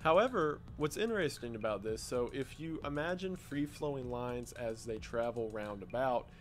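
A man delivers scripted explainer narration in a mid-range voice, steady and explanatory, now and then dropping a dry, wry aside. Soft music plays faintly under his voice. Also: mid-range voice, moderate pace.

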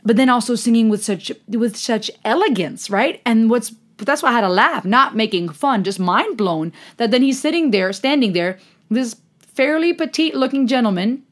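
Young woman reacting to a song on her channel, gushing and chatty, laughs a lot, middle pitch. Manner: effusive, excited, thinking aloud; chatty, laughs often, speaks straight to viewers. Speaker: music reaction channel host. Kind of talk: music reaction vlog.

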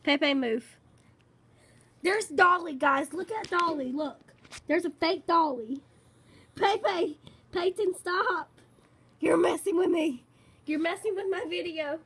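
A woman giving casual gameplay commentary, excitable and rambling, repeating herself a lot. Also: extremely high pitch, slow, pauses often. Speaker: gaming channel host.

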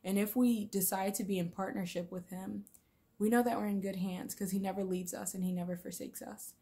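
A woman's voice: mid-range voice, steady tone, fairly quick, creaky. A woman giving a casual devotional talk on faith and anxiety to her viewers, earnest and emotional, at times tearful, ending in prayer. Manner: earnest, emotional, with fillers and soft laughs. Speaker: Christian vlogger.

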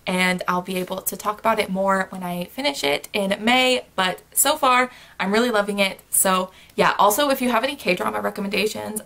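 A young woman talking straight to her viewers in a relaxed wrap-up chat. She gushes and bubbles with enthusiasm and laughs often between thoughts. Her pitch sits in the middle of the usual range. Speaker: book vlogger. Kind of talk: casual monthly wrap-up chat.

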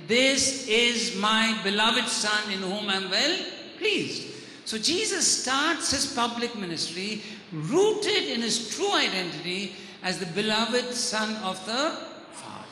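Very high-voiced preacher in an echoey hall. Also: male voice, bright, forceful tone, slight background noise. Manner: earnest, repeats and restarts words. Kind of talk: sermon teaching.

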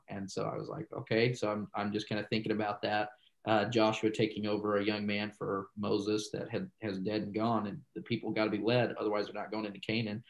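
Male pastor, lowish voice, casual interview storyteller who rambles through asides and acts out quoted dialogue. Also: level tone, fairly quick, gravelly, lo-fi sound.

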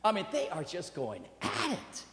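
A man preaching a sermon and telling a personal story, animated, with acted quotes and laughter. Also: a little high, normal speed. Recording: roomy hall with long reverb.

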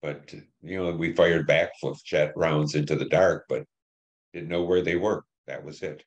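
An older man in his seventies, a veteran from Detroit, telling war memories in an interview, plain and halting with many fillers. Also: rumbling low, steady tone, highs cut off. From Detroit, Michigan. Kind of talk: oral history interview.

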